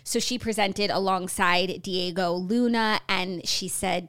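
A woman's voice: medium pitch, steady tone, a bit bright, clean tone. A woman co-hosting a podcast, chatting casually and playfully about pop culture news. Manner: chatty, playful, quick asides. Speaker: podcast co-host.

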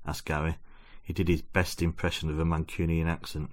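A man reading a comic story aloud in a mock-solemn, deadpan way. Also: a bass voice, fairly quick, few pauses. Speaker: guest reader.

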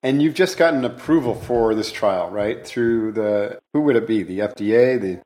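A man's voice: on the low side, moderate pace, darkish tone, a little hiss or hum. A man hosting a podcast, talking in an upbeat, chatty and joking way while interviewing a guest. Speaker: podcast host.

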